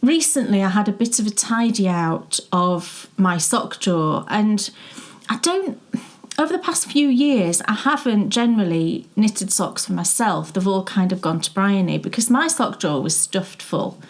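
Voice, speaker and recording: A middle-aged woman talks at an even, mid pitch. She chats about knitting in a loose, storytelling way, often breaking into laughter. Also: moderate pace. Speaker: podcast co-host. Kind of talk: casual knitting chat.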